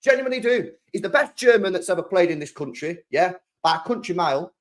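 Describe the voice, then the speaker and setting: A young man with a British accent hosts a casual live stream, chatting excitably in slang and circling back to the same points. His voice sits high for a man. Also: fast talker. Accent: British English. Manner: excitable, slangy, repeats himself. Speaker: football channel host.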